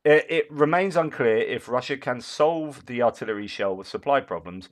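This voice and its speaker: A man's voice: mid-range voice, animated, normal speed. A man hosting a war update, reading out reports and breaking off into opinionated asides, with many fillers and restarts. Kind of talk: reading and commenting on news.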